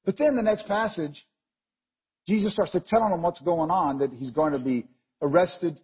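A man preaching a chatty, digressive sermon, telling the story with lively asides. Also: on the high side, moderate pace, breathy edge. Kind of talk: conversational sermon. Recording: dull lo-fi recording.

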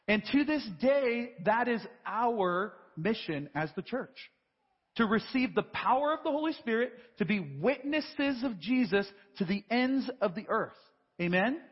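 A man's voice: high voice, slightly rough, big-room sound, muffled recording. A man preaching a sermon as pastor, in a conversational style full of rhetorical questions and "right?" asides. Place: church sanctuary.

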